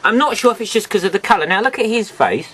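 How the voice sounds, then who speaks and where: A man with a high, bright voice reviews a toy to his camera at home. He rambles in a chatty way and keeps talking straight to his viewers. His pitch bounces around a lot as he goes. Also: expressive, fast talker, breathy edge, low-quality recording. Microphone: camera mic, sometimes off camera.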